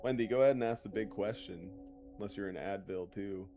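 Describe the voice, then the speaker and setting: A man's voice: fairly low pitch, fairly quick, mellow, soft background music. A man streaming a game, chatting casually and reading chat aloud in a loose, joking, profane way.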